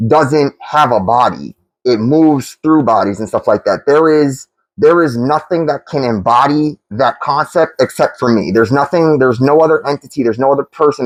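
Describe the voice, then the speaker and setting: A man giving an unscripted spiritual monologue to camera for his tarot channel, halting and full of restarts and fillers. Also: medium pitch, no echo, poor audio.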